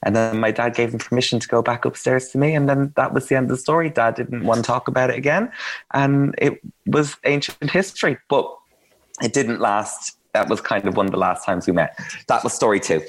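A man's voice: medium pitch, a little fast. A man telling candid, self-mocking stories in a casual chat, with plenty of ums and asides. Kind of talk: casual anecdotal storytelling.

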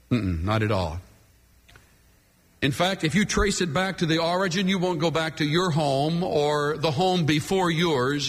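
A man preaching a sermon from the pulpit, emphatic and dramatic, leaning hard on key words. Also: fairly high pitch. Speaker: pastor. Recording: long hall reverb.

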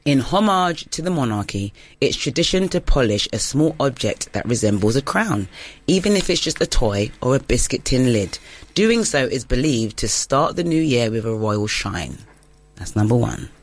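Woman quiz host, casual game-show chat, giggly and self-deprecating, lively pitch, very dry close sound. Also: normal speed, no room sound.

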